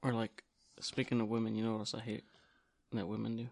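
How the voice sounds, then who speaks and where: A man's voice: lowish voice, little pitch movement, fast, vocal fry. A man in casual podcast chat, laid-back and profane, acting out little remembered conversations.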